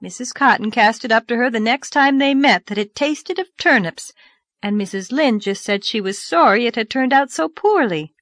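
A woman voicing an earnest, dreamy young girl in an audiobook, lively and reproachful. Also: a little high, moderate pace, no room sound, pitched above the performer's own voice, natural voice. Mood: animated. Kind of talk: audiobook character voice.

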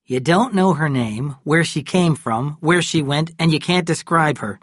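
A stern young lawman, as a male narrator reads him, firing firm, pressing questions. His delivery is slow and slightly husky, recorded close and dry. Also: a little high, dry recording, voice pushed up.

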